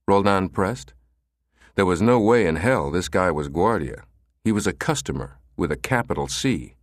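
Deep-voiced male audiobook narrator. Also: expressive, normal speed, no room sound, studio quality. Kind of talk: scripted narration of a thriller novel.

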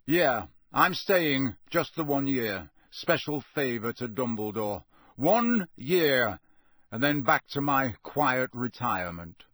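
A man reading aloud, voicing a gruff, scarred old male wizard teacher who speaks in a blunt growl. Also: medium pitch, very animated, slow, fairly bright tone, dry recording, heavily acted.

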